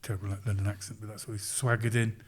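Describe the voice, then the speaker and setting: A middle-aged sports coach, appearing as a podcast guest, tells a story casually in a lowish, slightly rough voice at a fast pace. He retells it with liveliness, acting out the quoted lines and chuckling along the way.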